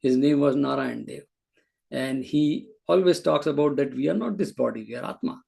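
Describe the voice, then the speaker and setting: Gravelly, husky male scripture teacher. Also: mid-range voice, moderate pace, mellow. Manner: explanatory, with frequent restarts. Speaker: spiritual teacher. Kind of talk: scripture class lecture.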